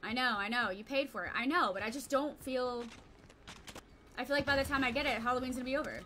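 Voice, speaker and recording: A young woman streaming a video game, chatting casually with viewers, excitable and quick to swear and yell in frustration. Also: sits high, a little hiss or hum. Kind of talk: casual live-stream chat while gaming.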